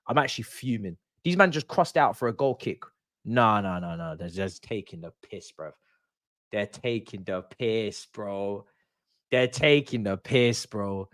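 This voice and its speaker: Animated young man ranting on a live stream. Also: medium pitch. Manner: exasperated, animated ranting with laughs. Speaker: streamer hosting a football watchalong. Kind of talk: casual live-stream rant.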